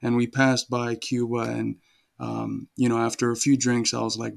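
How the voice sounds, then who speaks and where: A man's voice: mid-range voice, level tone, unhurried, vocal fry, a bit bright. A man hosting a casual livestream, greeting viewers from the chat by name one after another and then explaining a holiday. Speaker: livestream host.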